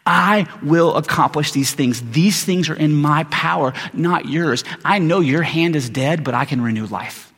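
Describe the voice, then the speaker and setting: A man voicing God with calm, firm, repetitive promises, with long hall reverb. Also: fairly high pitch, unhurried, hardly any pauses, husky, full character voice. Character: reassuring all-powerful divine voice, male.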